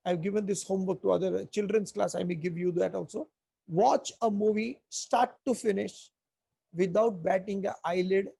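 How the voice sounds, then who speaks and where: A man teaching a scripture class, telling stories and chanting verses slowly between his explanations. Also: sits high, vocal fry, dark tone, slightly rough. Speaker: spiritual teacher. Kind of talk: scripture lecture.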